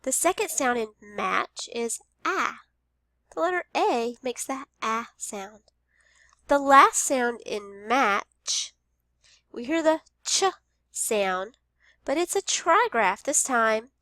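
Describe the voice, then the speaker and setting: Woman teacher doing phonics for little kids, slow and patient, higher voice, dry close sound. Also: expressive, bright, forceful tone, no echo. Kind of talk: phonics lesson for young children.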